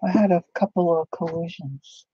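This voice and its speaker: A woman's voice: fairly low pitch, moderate pace, breathy edge, no room sound. A middle-aged woman hosting a craft livestream, chatting casually and rambling through stories while she talks to viewers by name. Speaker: craft channel host. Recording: dull lo-fi dry home recording.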